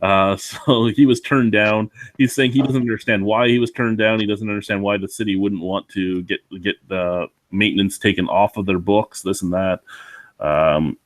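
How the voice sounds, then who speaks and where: A man's voice: lowish voice, fairly even intonation, moderate pace, no room sound. A man hosting a casual beer podcast, rambling with many fillers. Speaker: podcast host.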